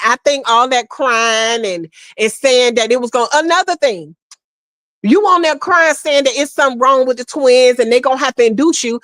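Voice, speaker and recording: High-voiced sassy woman dishing gossip. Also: measured pace, no echo, studio quality. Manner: sassy, animated, laughing, calls listener "girl" and "honey". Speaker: commentary host. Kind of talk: casual gossip commentary.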